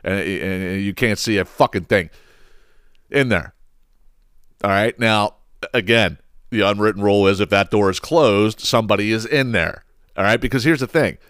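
A man's voice: on the low side, normal speed, pauses often, clear, resonant tone, dry recording, clean studio sound. A man telling a story in a casual comedic podcast rant, swearing often and repeating words as he goes. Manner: animated, profane ranting with frequent restarts. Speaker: podcast host.

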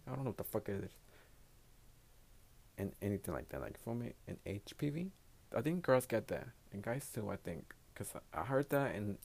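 A man's voice: lowish voice, creaky, a little mellow, slightly rough. A man hosting his own podcast in a casual solo monologue, a native Spanish speaker talking in English, giving blunt, profane, rambling advice. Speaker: podcast host.

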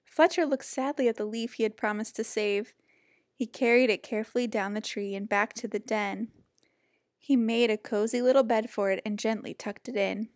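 A woman reading a children's picture book aloud in a gentle, expressive storytelling voice. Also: on the high side, normal speed, dry recording, studio quality.

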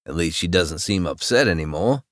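A man narrating a romance audiobook in the first person, with a low-key, wry inner voice. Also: expressive, moderate pace, fairly bright tone, no room sound, clean studio sound.

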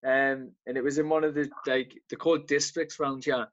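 A man's voice: medium pitch, flat delivery, normal speed, highs cut off. A man in casual chat, chatty and rambling with restarts.

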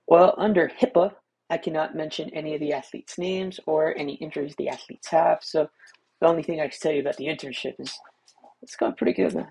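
Gravelly young man rambling casually. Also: fairly high pitch, steady tone, brisk, darkish tone, slight background noise. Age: young adult. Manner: rambling, laid-back, many restarts and fillers. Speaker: podcast host. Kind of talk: casual solo podcast monologue.

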